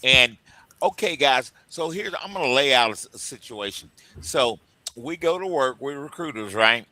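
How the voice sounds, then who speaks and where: A man's voice: mid-range voice, expressive, moderate pace, bright, forceful tone, no room sound. A man from co-hosting a radio talk show on recruiting, joking and laughing often in casual chat.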